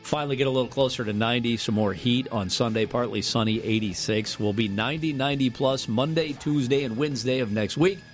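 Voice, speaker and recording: A male radio co-host talks through a casual morning show with a jokey, animated way of telling stories. His voice sits at a middle pitch, and faint music plays under the studio mic. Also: brisk, hardly any pauses.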